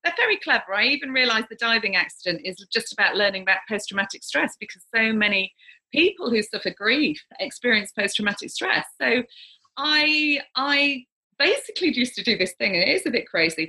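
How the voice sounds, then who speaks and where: A middle-aged woman, a psychic medium, telling a story with animated energy, gasping and acting out the voices of the people in it. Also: on the high side, brisk. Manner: lively, gasping, acts out quoted voices.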